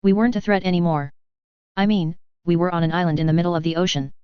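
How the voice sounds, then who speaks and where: A woman narrates a science-fiction tale in a low, very clear voice. The sound is dry and slightly dull. She reads the dialogue with light character voicing. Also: fast, dry recording. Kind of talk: audiobook reading of sci-fi fiction.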